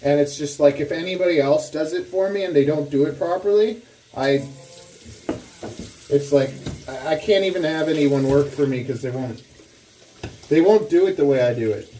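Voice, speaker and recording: A man's voice: a little high, normal speed, dark tone, slight background noise. A young man chatting casually on a livestream, rambling, teasing and laughing often. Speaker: snake keeper and livestream host.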